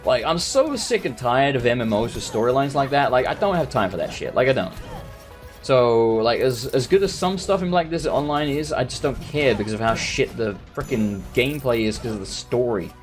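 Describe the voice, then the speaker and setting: A man rambles through casual gameplay commentary in a lively, swooping voice, swearing freely and slipping into sarcasm. His pitch sits in an ordinary middle range. Soft game music plays faintly underneath. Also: fairly quick. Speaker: let's play host.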